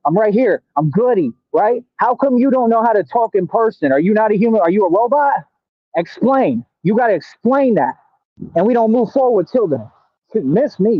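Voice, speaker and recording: A man on a livestream brags and tells off his audience in street slang. His voice sits fairly high for a man. The sound is tinny and dry, as if heard over a phone, with no room around it. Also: no room sound. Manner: boastful, scolding, streetwise slang. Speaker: livestream host. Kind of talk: confrontational livestream talk.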